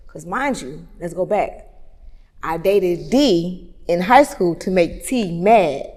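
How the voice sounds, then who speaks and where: A woman's voice: lowish voice, slow pace. Candid woman telling her story, reverberant room. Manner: candid, swings from hushed to loud animated retelling. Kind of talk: emotional personal storytelling. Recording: long reverb, roomy hall sound.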